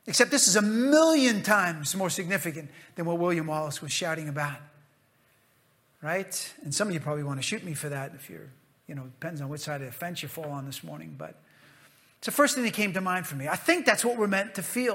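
A middle-aged American man preaches with a high, bright, ringing voice. He repeats his phrases for emphasis and swings from loud exclamations down to hushed asides. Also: lively intonation, a little fast. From United States. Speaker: pastor. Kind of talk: sermon.

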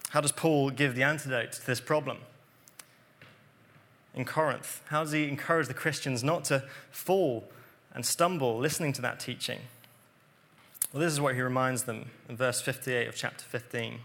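Here a man gives a sermon in a steady, medium-pitched tone at normal speed. He explains scripture with earnestness and goes quiet to underline what matters most.

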